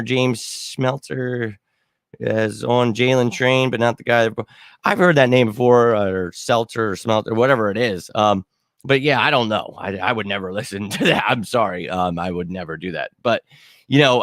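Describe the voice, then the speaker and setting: A man with a mid-range, slightly bright voice hosts a casual sports talk livestream, ranting in an exasperated tone and addressing his chat. There is no room sound.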